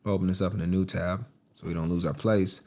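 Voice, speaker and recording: A man, a gaming vlogger, chatting casually to viewers as "team" while walking through listings on screen, with excitable bursts. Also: deep voice, fast talker, creaky. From United States. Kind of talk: casual screen-recording commentary.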